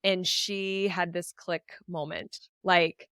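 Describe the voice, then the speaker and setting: A woman's voice: fairly low pitch, normal speed, fairly bright tone, clean tone, dry recording. Woman, solo podcast host; heartfelt and upbeat; clean, dry close-mic sound.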